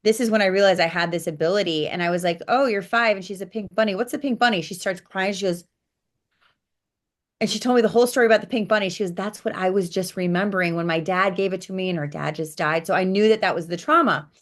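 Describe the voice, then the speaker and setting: A woman spiritual coach, a podcast guest, telling client stories in an animated, blunt way, swearing casually and acting out quotes. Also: on the low side, fast. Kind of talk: interview storytelling.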